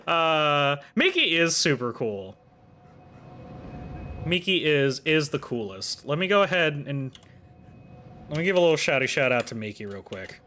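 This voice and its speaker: A man's voice: fairly high pitch, sing-song, unhurried, pauses often, bright, forceful tone, a little hiss or hum. A man streaming a video game, chatting casually with his viewers in a playful, teasing way. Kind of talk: casual livestream chat.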